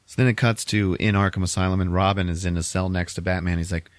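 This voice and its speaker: A man's voice: low-pitched, fairly even intonation, fast, dry recording. A man hosting a podcast, casually retelling a movie plot and chuckling often as he goes. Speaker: podcast host.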